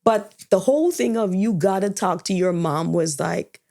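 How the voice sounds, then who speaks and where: A woman's voice: medium pitch, moderate pace, creaky, mellow. A woman co-hosting a podcast, candidly retelling a personal story and acting out the dialogue. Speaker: podcast co-host.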